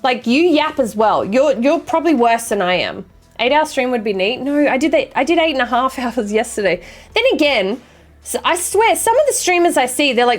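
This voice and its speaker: A young adult woman streamer chatting casually with her viewers, swearing freely and apologizing quickly. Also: high-pitched, very animated. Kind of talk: casual chat reading viewer messages.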